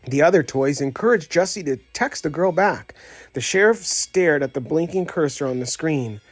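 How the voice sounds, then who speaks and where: Lively male storybook narrator. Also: fairly high pitch, moderate pace, no echo, faint music behind. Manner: expressive storyteller voicing every character. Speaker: audiobook narrator. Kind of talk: scripted read-aloud narration.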